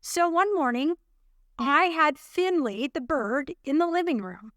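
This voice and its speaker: A woman's voice: high-pitched, measured pace, no room sound, clean studio sound. A woman co-hosting a podcast, telling a chatty story and acting out the voices of the people in it. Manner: animated storyteller, acts out voices. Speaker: podcast co-host. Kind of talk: casual chat, storytelling.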